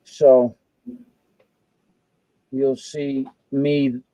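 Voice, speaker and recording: A man's voice: medium pitch, little pitch movement, extremely slow, mellow, no room sound, poor audio. A man joining a live-stream auction chat, hearty and enthusiastic.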